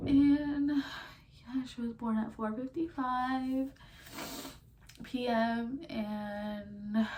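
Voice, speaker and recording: A young woman telling her birth story as a vlogger, rambling with lots of fillers and near tears at times. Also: medium pitch. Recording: distant mic with faint background noise.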